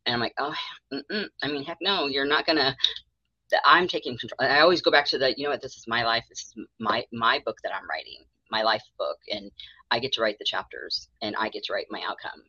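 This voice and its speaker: A woman's voice: extremely low pitch, fast talker, pushed and bright, husky, dry recording. A middle-aged woman therapist telling her story in a casual interview, acting out the voices of people she quotes. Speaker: mental health therapist, guest. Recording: dull lo-fi dry sound.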